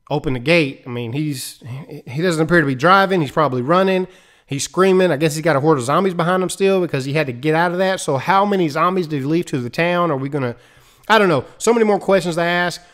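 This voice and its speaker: Young man, slightly high voice, chatty and animated, casual show recap. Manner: chatty, animated, laughs easily, acts out quotes.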